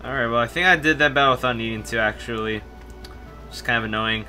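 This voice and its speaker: A man's voice: mid-range voice, fast, sharp tone, soft background music. A man co-commentating a game with a friend, laid-back, quipping and reacting to battles. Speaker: co-op gaming partner. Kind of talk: casual co-op gameplay commentary.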